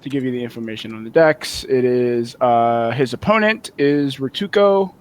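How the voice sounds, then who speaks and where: A man's voice: medium pitch, normal speed, slight background noise. A man doing casual live commentary on a card game stream, easygoing and a little scattered. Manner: easygoing, a bit scattered, laughs easily. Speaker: esports commentator.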